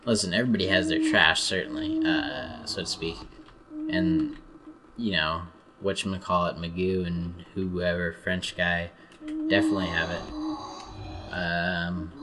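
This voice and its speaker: A man's voice: deep voice, lively intonation, measured pace, heavy background noise. A young man rambling through a profane, sarcastic rant while playing a game. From United States. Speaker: gaming commentator. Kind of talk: rambling rant over gameplay.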